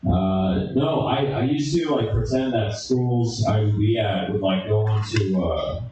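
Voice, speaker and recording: Drowsy rambling male comic, low mumble. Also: unhurried, dark tone, distant mic, a little hiss or hum. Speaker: stand-up comedian. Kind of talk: stand-up comedy. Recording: echoey club recorded from afar with music.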